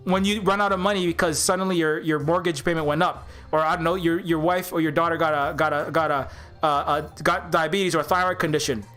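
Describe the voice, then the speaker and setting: A man's voice: fairly high pitch, fairly even intonation, brisk, a bit bright, faint music behind. A man delivering an impassioned political rant, heated and profane, sarcastic, with frequent restarts and repeated words. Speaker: game developer talking on his channel.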